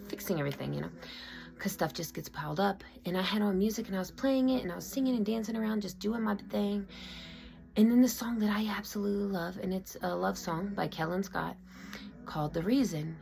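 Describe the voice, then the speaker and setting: A woman's voice: mid-range voice, gravelly, a little mellow. A woman vlogger talking casually and openly about her feelings, rambling with many fillers and restarts. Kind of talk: casual personal confiding talk. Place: her own room at home.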